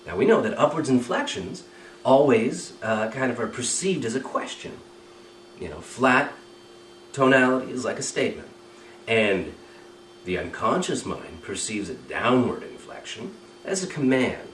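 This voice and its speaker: A man's voice: mid-range voice, very animated, moderate pace, echoey room, distant mic, slight background noise, poor audio. A man teaching a recorded training lesson, explaining step by step and often checking with "right?" and "okay?". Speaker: communication trainer.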